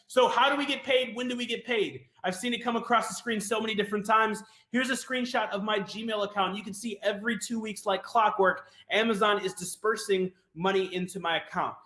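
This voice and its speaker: A man presenting a sales webinar, fast and hyped, often asking "right?" and talking to "you guys". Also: high voice, steady tone, pushed and bright, echoey room.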